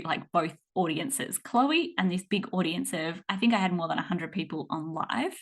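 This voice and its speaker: Aussie woman chatting on her podcast, lively storyteller, mid pitch. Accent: Australian. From Australia. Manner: animated, laughs while telling stories. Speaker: podcast host. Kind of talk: casual storytelling monologue.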